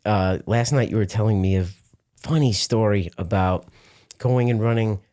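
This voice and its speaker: A man hosting a casual interview, giving short affirming replies and asking quick follow-up questions. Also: lowish voice, mellow. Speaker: podcast host.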